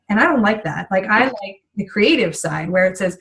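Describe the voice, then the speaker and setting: Middle-aged woman, casual trainer, chatty with lots of fillers, mid-pitched voice. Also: lively intonation, moderate pace, few pauses, fairly bright tone, rough recording. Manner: chatty, many fillers and asides. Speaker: essential oils business trainer.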